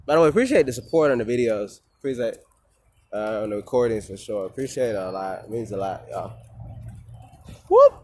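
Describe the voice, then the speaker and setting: A man's voice: on the low side, animated, fairly quick, a little mellow. A man venting in a casual vlog, rambling and swearing, with many fillers and restarts. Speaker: vlogger.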